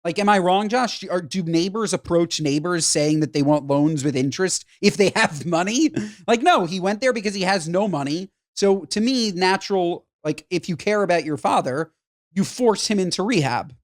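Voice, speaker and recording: A woman's voice: on the low side, expressive, moderate pace. Blunt woman co-host giving advice. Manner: blunt, emphatic, rhetorical questions. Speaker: podcast co-host. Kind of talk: casual chat giving advice.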